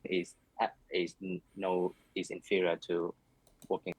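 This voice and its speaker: A man's voice: sits low, monotone, unhurried, slightly rough, poor audio. A man answering speaking test questions in a hesitant way, heard through a played-back recording of the test. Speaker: exam candidate.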